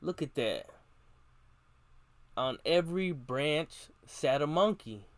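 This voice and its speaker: A man's voice: a little high, lively intonation, takes it slowly, no room sound. Slangy man reading a storybook aloud. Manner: slangy, keeps tacking on a catchphrase. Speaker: streamer reading a book live. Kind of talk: casual storybook reading and stream chat.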